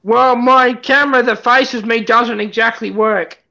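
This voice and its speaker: Give me a gravelly, bright voice telling jokes. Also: mid-range voice, fairly even intonation, measured pace. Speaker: guest on livestream. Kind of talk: casual joke telling. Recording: lo-fi stream audio.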